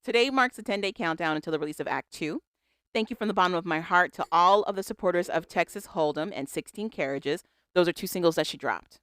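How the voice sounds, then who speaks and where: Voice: mid-range voice, quick pace, a bit bright, smooth, dry recording. Dry-voiced podcast co-host reading aloud. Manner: chatty, reads statements aloud with wry asides. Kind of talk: casual pop-culture chat.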